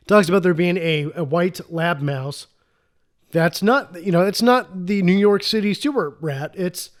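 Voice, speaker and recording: A man co-hosting a casual movie podcast, enthusiastic and rambling, often restarting his sentences. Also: a little high. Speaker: podcast co-host. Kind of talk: casual movie review chat.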